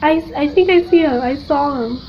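A woman's voice: high voice, moderate pace, muffled recording, slight background noise. A woman giving nervous, jumpy, giggly commentary while playing a horror game. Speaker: gamer.

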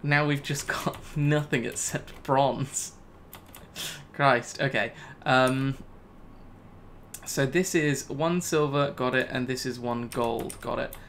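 Male gamer, casual commentary, exasperated self-talk, average pitch, faint typing. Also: steady tone, slow, a bit bright, slight background noise. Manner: self-talking, exasperated, laughs at himself. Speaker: gaming YouTuber. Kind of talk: casual Let's Play commentary.

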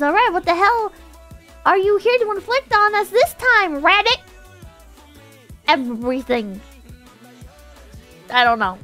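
Squeaky bright woman streamer, all over the place pitch-wise, loud and sweary. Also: takes it slowly, pauses often, soft background music. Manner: excitable, swears a lot, bursts into shouting and laughter. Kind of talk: casual live-stream chat reading posts to chat.

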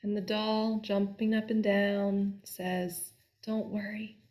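Woman storyteller, folk tale, very slow, deliberate, expressive, medium pitch.

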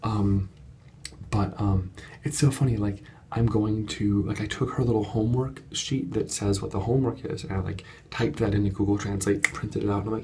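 A man talking in an unedited casual vlog at home at night, chatty and animated, telling a story with lots of fillers. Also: lowish voice, fairly quick, slight background noise. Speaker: vlogger and course coach. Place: home studio apartment at night.

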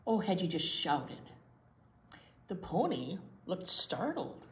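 A woman librarian reading a picture book aloud at a children's storytime, pausing to ask the children questions. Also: low-pitched, animated, fairly bright tone, echoey room.

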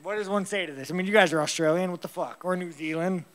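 A fighter answering press conference questions in a blunt, rambling, heavily profane way, laughing often. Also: male voice, high voice, fast talker.

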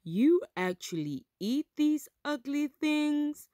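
A woman's voice: sits high, big pitch swings, takes it slowly, warm tone, dry recording, pitched above the performer's own voice, full character voice. Woman doing a curious bookish young guy explorer, eager and matter-of-fact, dry close sound, storybook voice.

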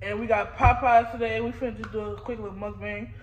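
A young man chats loosely in slang to the camera, very high in pitch. The room around him rings with echo, and noise runs clearly under the recording. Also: flat delivery, fast. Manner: slangy, playful, talks through bites of food. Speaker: vlogger. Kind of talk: casual prank vlog chat. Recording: echoey room, noisy phone recording.

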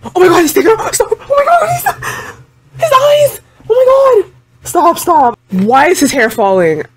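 A woman's voice: extremely high pitch, very animated, moderate pace, slight background noise. A gushing, squealing young woman. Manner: squealing, gushing, laughing through the words. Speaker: anime reactor. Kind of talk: excited reaction commentary.

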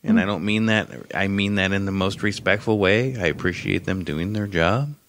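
A man's voice: sits low, moderate pace, a bit bright, a little hiss or hum. A man co-hosting a casual chat, telling a long story in a rambling, profane and wry way. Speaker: podcast co-host.

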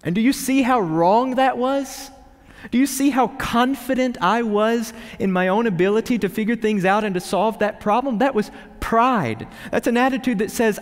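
A man's voice: very high-pitched, moderate pace. Earnest male preacher in a reverberant hall. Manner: earnest, swings between quiet reflection and emphatic pleas. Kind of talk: sermon.

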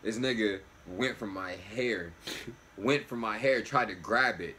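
A young man hosting a reaction video, telling a long story in loose, slangy, animated casual chat. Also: lowish voice, unhurried.

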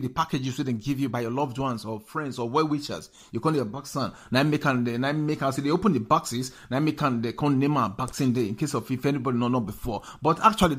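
Nigerian pidgin guy rambling about gossip news, fast talker, keeps asking "you get me". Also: medium pitch, a bit bright, breathy edge. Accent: Nigerian Pidgin English. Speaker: YouTube news channel host. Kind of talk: casual commentary to camera.

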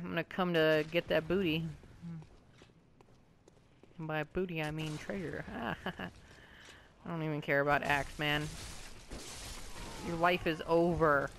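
A man's voice: fairly high pitch, gravelly, a bit bright, a little hiss or hum. A man giving casual let's-play commentary, joking and swearing at enemies, his voice a bit sore from talking all day. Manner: jokey, rambling, self-mocking.

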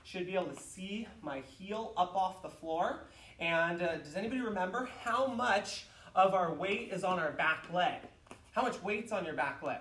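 A man leading an online martial arts class, explaining stances and shouting counts and drill commands. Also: sits high, lively intonation, moderate pace, a little hiss or hum. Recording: roomy echo, mic far off.

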